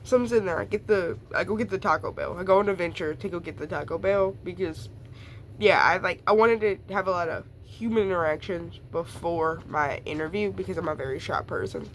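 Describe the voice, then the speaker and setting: A woman's voice: on the low side, a little hiss or hum. A young woman casually telling a rambling personal story, full of fillers and asides. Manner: rambling, lots of fillers and laughs, quick asides.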